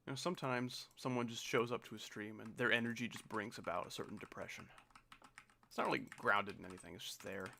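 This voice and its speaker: A man's voice: lowish voice, steady tone, quick pace, vocal fry, bright, forceful tone, a little hiss or hum. A young man chatting casually on his stream, rambling and sarcastic, often mocking slang.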